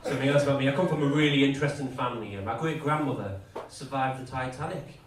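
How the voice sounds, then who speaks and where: A man's voice: medium pitch, fast talker, slight background noise. A man with an English accent doing a crude, self-deprecating stand-up routine on a comedy club stage. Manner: crude, self-deprecating, deadpan asides with rising rants. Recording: echoey club from far off, crowd laughter.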